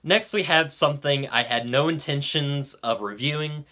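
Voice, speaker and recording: A man's voice: on the high side, moderate pace, pushed and bright, slight background noise. A young man giving a casual film review, hesitant, with frequent ums and restarts. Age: young adult.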